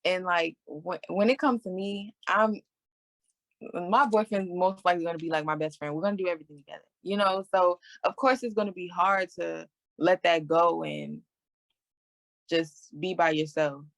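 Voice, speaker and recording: Young woman chatting candid on a podcast, low gravelly voice, dry close sound. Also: normal speed, no room sound. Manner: candid, conversational, with laughs. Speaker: podcast host. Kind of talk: casual chat.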